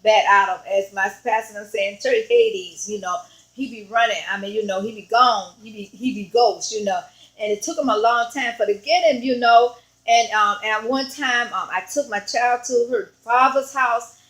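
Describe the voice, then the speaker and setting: A woman evangelist speaks to her viewers in a crisp, bright voice that sits a little high. She tells her story in an earnest, conversational way and keeps pausing with fillers as she goes. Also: poor audio. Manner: halting, rambling retelling full of fillers. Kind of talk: personal storytelling vlog.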